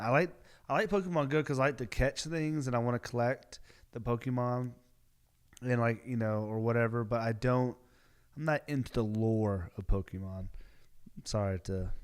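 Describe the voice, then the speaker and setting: Young guy rambling on his podcast, mid pitch, lots of likes and restarts. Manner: rambling, self-correcting, many filler words. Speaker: podcast host. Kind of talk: casual solo podcast chat.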